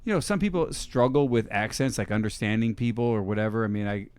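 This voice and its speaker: A man co-hosting a casual podcast, telling stories in an animated way, swearing often and laughing as he talks. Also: lowish voice, fast, clear, resonant tone. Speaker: podcast co-host. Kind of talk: casual profane chat.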